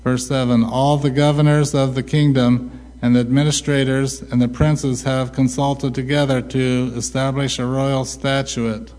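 A man preaching a sermon, asking rhetorical questions and answering them himself with a slow, deliberate delivery. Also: mid-range voice, level tone, a little mellow. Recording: long hall reverb.

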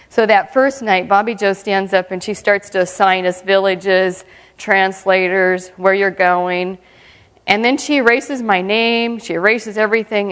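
A woman giving a lively, humorous mission testimony at church, often breaking into laughter. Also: medium pitch, clear, resonant tone, in a large hall.

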